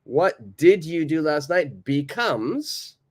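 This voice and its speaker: A man's voice: fairly high pitch, big pitch swings, slow, slightly rough. A man with a North American accent teaching a live online English lesson, patiently repeating phrases for learners to copy.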